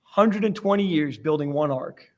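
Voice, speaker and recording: A man from Florida preaches in a church sanctuary, telling stories in a conversational, self-deprecating manner. His voice is a little high and darkish in tone, animated, at a moderate pace.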